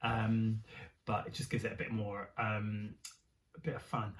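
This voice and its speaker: A woman leading a choir rehearsal, chanting Latin phrases slowly and adding soft, quick tips in an encouraging, relaxed way. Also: rumbling low, soft background music. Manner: chanting slow Latin demonstrations between quick, soft asides. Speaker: choir leader.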